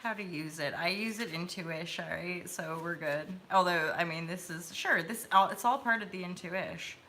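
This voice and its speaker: Bubbly, bright-voiced woman livestreaming tarot. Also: lowish voice, moderate pace, slight background noise. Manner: bubbly and giggly, talks straight to viewers. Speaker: host reading tarot cards on a live stream. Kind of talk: casual chat.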